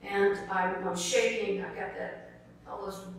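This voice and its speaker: A woman's voice: mid-range voice, flat delivery, unhurried, a little hiss or hum. A middle-aged woman from South Carolina, giving an award acceptance speech as an earnest storyteller who keeps calling the audience folks. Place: large formal hall. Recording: echoey hall picked up from a distance.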